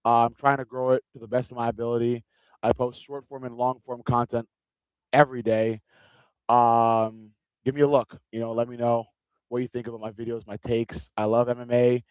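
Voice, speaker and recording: A man's voice: mid-range voice, flat delivery, moderate pace, darkish tone, clear, resonant tone, no echo, low-quality recording. A man giving casual, rambling live commentary on a fight stream from a gaming chair, often repeating himself. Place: seated in a gaming chair at home.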